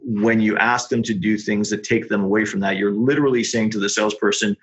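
A middle-aged man, a startup founder, telling his story in a casual podcast interview with quick, animated delivery. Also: lowish voice, husky. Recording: dull lo-fi sound.

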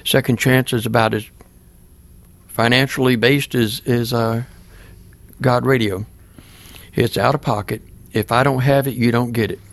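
A man's voice: mid-range voice, fairly even intonation, measured pace. An older man, a pastor, earnestly telling a personal story in plain words during an interview. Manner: plain-spoken, earnest, acts out remembered dialogue.

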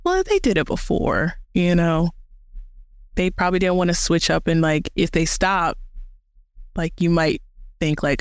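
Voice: medium pitch, lively intonation, moderate pace, clear, resonant tone, no room sound. A podcast co-host talks in a loose, casual way and laughs often. The voice sits mid-range and is recorded close and dry, with no room sound. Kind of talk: casual chat.

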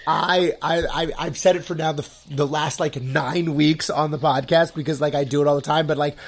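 Male host, slightly high voice, casual gushing ramble, heavy on "like". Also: moderate pace. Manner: rambling, filler-heavy, loads of "like"; excitable, gushing. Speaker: podcast host. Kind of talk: casual chat.

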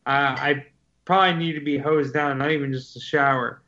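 A man's voice: medium pitch, steady tone, a little fast, sharp tone, a little hiss or hum. Laid-back joking man, dull audio. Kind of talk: casual chat.

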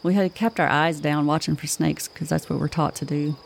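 A woman co-hosting a podcast, telling a spooky story in a slow, measured way. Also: sits low, gravelly, slight background noise. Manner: slow, measured, flat delivery. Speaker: podcast co-host. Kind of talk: spooky campfire-style storytelling.

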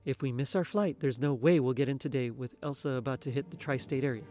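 A man's voice: medium pitch, quick pace, mellow, close to an everyday voice. A man voicing a tired, stern mother speaking firmly to her son. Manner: weary, stern. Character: weary, stern working mother.

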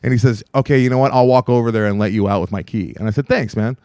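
Man, fast-talking podcast co-host, animated storytelling, acts out dialogue, dry sound. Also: medium pitch, dry recording. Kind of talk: casual storytelling chat.

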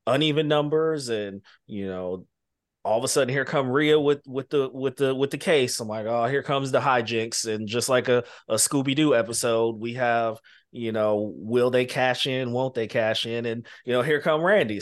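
A man's voice: medium pitch, unhurried. A man with a mid-range voice chats on a podcast. He retells events casually, dropping "you know" and "right?" along the way. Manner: storytelling, with many "you know" and "right?" asides. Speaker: podcast co-host.

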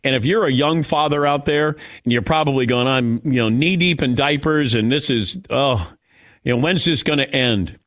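A man's voice: mid-range voice, moderate pace, fairly bright tone. A middle-aged man hosting a sports talk radio show, chatting casually in a reflective, self-mocking way.

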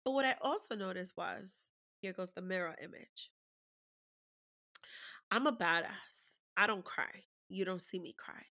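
A woman's voice: mid-range voice, expressive, a little slow, pauses often, sharp tone. A woman candidly telling a personal parenting story in conversation, openly emotional and swearing freely.

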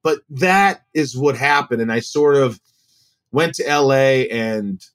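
A man in his forties, a guest actor, telling stories in a casual, animated way and acting out the voices he quotes. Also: mid-range voice, takes it slowly. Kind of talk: casual storytelling.

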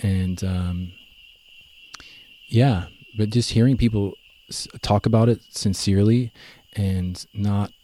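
A young man telling his story in a relaxed, rambling way, full of fillers and self-corrections. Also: on the low side, slow pace. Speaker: guest. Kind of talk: casual conversational storytelling.

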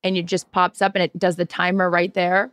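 A woman's voice: on the low side, brisk, clear, resonant tone, dry recording. Woman telling a story, dry close sound. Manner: animated storyteller acting out quotes; casual, swears freely. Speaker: podcast co-host. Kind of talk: casual chat, storytelling.

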